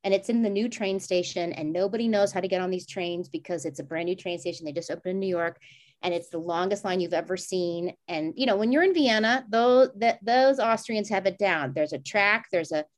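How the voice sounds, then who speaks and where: A middle-pitched woman in her forties talks casually on a podcast. She rambles through a personal story with many restarts, and she jumps up in pitch when she acts out what people said. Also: brisk. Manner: animated, acts out quoted voices with big pitch jumps. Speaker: podcast co-host.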